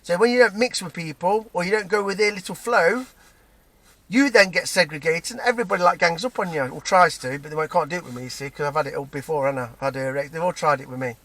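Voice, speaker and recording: A man's voice: on the high side, fast, a bit bright, dry recording. Fired-up Nottingham man ranting. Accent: Nottingham English. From England, Nottingham. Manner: heated, swearing, keeps adding "right?", stumbling restarts. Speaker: vlogger. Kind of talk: angry personal rant to camera.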